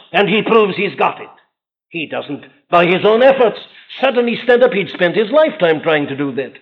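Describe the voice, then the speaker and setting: Man, high-pitched pulpit preacher, fervent sermon delivery, dull old recording. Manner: impassioned, rising and falling emphasis. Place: large church.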